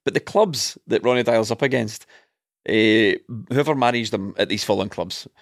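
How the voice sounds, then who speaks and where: Guy ranting about football on a podcast, fired up, mid-pitch voice, dry close sound. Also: normal speed, dry recording. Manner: passionate, ranting opinions. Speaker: podcast co-host. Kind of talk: casual football chat.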